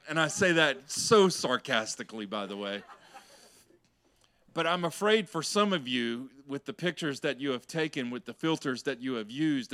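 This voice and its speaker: A man's voice: mid-range voice, sharp tone. A male pastor preaching a sermon, chatty and joking with the congregation, then pressing his points with rising emphasis. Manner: conversational, joking, building to emphatic.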